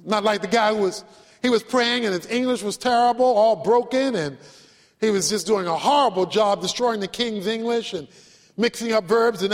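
A man delivers a sermon with strong emphasis, slowing for dramatic pauses and telling stories to make his points. His voice sits very high for a man. The sound carries a long reverb, as in a large hall. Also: a bit bright. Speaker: pastor.

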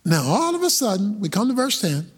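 A male preacher delivering a sermon in an animated, colloquial style, breaking into shouted bursts. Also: high-pitched, brisk, husky.

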